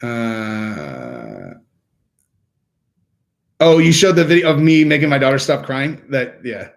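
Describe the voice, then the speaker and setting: A man's voice: medium pitch, very animated, takes it slowly, gravelly. Man chatting loosely on a livestream. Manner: rambling, filler-heavy talk with frequent "like" and restarts. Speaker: livestream host. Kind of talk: casual livestream chat.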